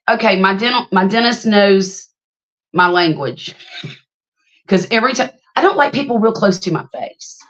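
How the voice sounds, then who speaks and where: A woman's voice: mid-range voice, fairly bright tone, lo-fi sound. A woman, hosting a casual livestream, telling stories, greeting viewers by name and laughing often. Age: 50s. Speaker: livestream host.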